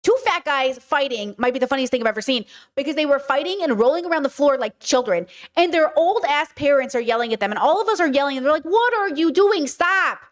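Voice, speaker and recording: A woman host giving casual commentary and telling a personal story in an animated, profane, conversational way. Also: high-pitched, fast, hardly any pauses. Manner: animated, profane, conversational, reads chat aloud.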